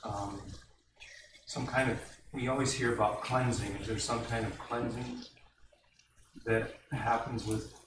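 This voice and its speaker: A man's voice: medium pitch, level tone, unhurried, long pauses. Male audience questioner, hesitant, distant with room echo and noise. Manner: hesitant, searching for words. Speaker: audience member asking a question. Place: meditation hall with rain outside. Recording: distant, echoey, noisy room recording.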